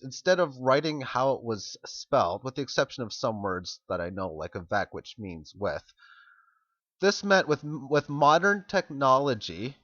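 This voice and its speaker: A man giving a casual, halting walkthrough on a video blog, rambling and stumbling over foreign words. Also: medium pitch, a bit bright, dry recording. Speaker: video blogger. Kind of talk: casual screen walkthrough commentary. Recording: dry, dull lo-fi recording.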